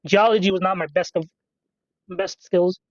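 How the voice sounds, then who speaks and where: A man's voice: sits high, steady tone, moderate pace, dry recording, highs cut off. A man casually rambling through profane, off-topic stories while commenting on a game he is playing. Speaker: gaming channel host.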